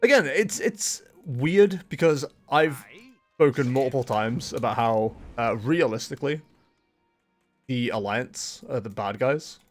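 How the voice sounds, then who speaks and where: A man's voice: mid-range voice, expressive, unhurried, faint music behind. A man chatting casually as he streams a game, rambling along with frequent fillers and self-corrections. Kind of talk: casual gameplay commentary.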